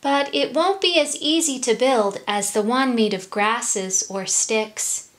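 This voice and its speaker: A woman's voice: on the high side, slow pace, a bit bright. A woman voicing a small sensible female rock hyrax in a plain, matter-of-fact way. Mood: determined.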